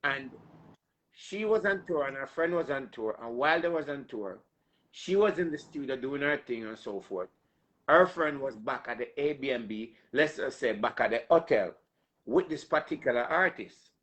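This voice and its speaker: Emphatic host addressing viewers. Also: male voice, medium pitch, expressive, normal speed, a bit bright. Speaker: interview host. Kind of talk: casual interview talk.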